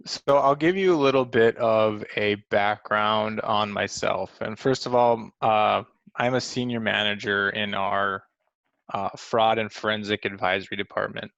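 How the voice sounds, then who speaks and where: A man's voice: on the low side, steady tone, measured pace, gravelly, a bit bright, dry recording, lo-fi sound. A man in his late thirties from North Dakota, presenting a work webinar in a casual, rambling way with lots of fillers, still in his groggy morning voice. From Fargo, North Dakota. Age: late 30s. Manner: chatty, rambling with many fillers and restarts. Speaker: senior manager presenting a webinar. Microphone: video call.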